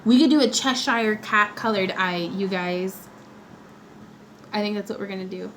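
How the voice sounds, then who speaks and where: A woman with a mid-range, steady voice hosts a craft livestream from her home workspace, talking at a moderate pace. She chats playfully and laughs often as she works, and the rough recording carries slight background noise.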